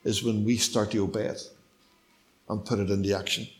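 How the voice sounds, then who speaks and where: A middle-aged man preaching a sermon, telling a story in turns that range from emphatic to hushed and nearly whispered. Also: lowish voice, level tone, moderate pace. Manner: storytelling, shifts between loud emphasis and hushed near-whispers.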